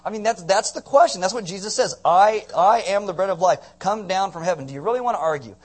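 A man preaching a sermon in an animated, joking way, often acting out quotes in put-on voices. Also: sits high, fast. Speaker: pastor.

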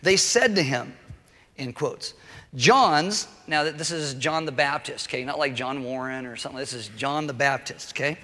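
A man's voice: medium pitch, normal speed, bright, forceful tone. A man preaching a casual sermon in a church hall, chatty, with joking asides and frequent check-ins with the congregation. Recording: long reverb of a large hall.

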